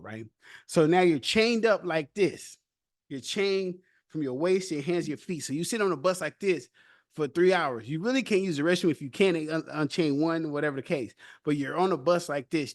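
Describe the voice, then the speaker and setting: A young man hosting a podcast, telling his own story casually with loose street slang and animated retellings. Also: fairly high pitch, no room sound, studio quality.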